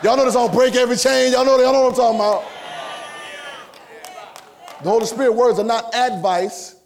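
High-voiced fervent male preacher. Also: fairly even intonation, fairly quick, gravelly, a faint crowd, slight background noise. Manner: fervent, swings between shouting and hushed asides; repetitive, colloquial, talks to the congregation. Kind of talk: sermon.

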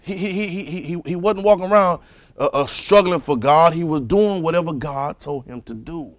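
A man preaching a sermon, moving from low musing to loud fervent preaching and calling out to the congregation. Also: moderate pace, no echo. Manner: calls out to the congregation.

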